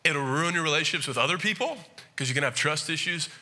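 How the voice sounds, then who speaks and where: Animated, bright-voiced male pastor. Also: a little high, quick pace. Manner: animated, jokey, acts out quoted voices. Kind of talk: sermon with comic storytelling. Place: church sanctuary.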